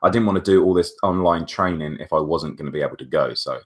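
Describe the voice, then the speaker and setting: Low-voiced young man telling a story. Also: fairly quick. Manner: chatty, animated retelling with asides. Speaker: vlogger. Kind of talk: casual storytelling to camera.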